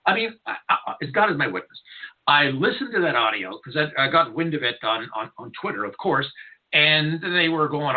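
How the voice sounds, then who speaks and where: A man's voice: fairly high pitch, very animated, quick pace. A man hosting a talk radio show, delivering a blunt, irreverent, rambling monologue from a studio. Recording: narrow tinny lo-fi audio.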